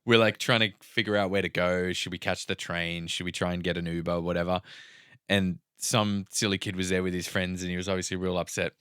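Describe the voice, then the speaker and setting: Young aussie bloke yarning on a podcast, low-ish voice, swears a lot. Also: male voice, flat delivery, brisk, a bit bright, smooth, no echo, clean studio sound. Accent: Australian. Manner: laid-back storytelling with swearing. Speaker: podcast co-host. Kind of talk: casual podcast chat.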